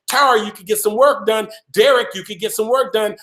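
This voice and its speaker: An emphatic male motivational speaker with a high voice, hammering each point through repetition and calling out listeners by name. The sound is roomy and echoing. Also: fairly quick, sharp tone. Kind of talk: motivational talk on a live call.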